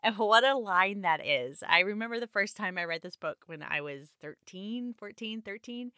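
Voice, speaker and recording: Low-voiced woman recapping a book. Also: lively intonation, moderate pace, bright, forceful tone, clear, resonant tone, dry recording, studio quality. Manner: chatty retelling with personal asides. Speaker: podcast host. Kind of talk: casual book recap with read-aloud passages.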